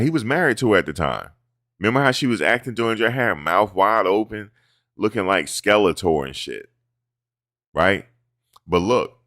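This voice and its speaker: Deep-voiced dude going off about football, cussing and riffing, dry close sound. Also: male voice, dry recording. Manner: animated, profane, mocks players' interview voices. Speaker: sports commentary host. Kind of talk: casual sports talk.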